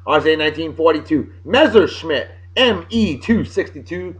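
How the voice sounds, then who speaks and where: A man from Massachusetts, running through historical events of the day in a loud, jokey, opinionated way. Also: on the high side, animated, normal speed, rough recording. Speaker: video blogger. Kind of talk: casual daily history rundown.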